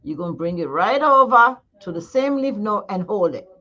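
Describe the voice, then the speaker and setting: A woman's voice: mid-range voice, big pitch swings, normal speed, bright, forceful tone. A woman esthetician giving a casual live demonstration, chatty and coaxing, talking straight to her viewers. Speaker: esthetician demonstrating face massage. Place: skincare studio. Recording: slightly dull lo-fi sound.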